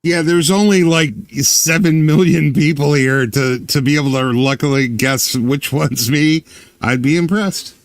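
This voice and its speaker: A man's voice: fairly high pitch, unhurried, dry recording. A man with a Southern US accent from Atlanta, casually co-hosting a podcast, joking, swearing and laughing. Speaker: podcast co-host. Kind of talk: casual chat.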